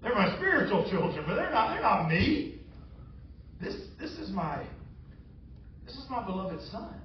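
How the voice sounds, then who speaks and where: A man hushing into a stern fatherly divine voice. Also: very animated, a little hiss or hum. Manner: low, hushed, deliberate. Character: God, a stern, weighty fatherly voice. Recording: roomy, distant, dull sound.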